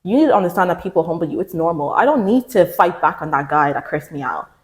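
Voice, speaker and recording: A woman's voice: lowish voice, fast talker. Candid young woman giving blunt advice. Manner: candid, emphatic, animated quoting of others. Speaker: self-help vlogger. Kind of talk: casual advice monologue to camera.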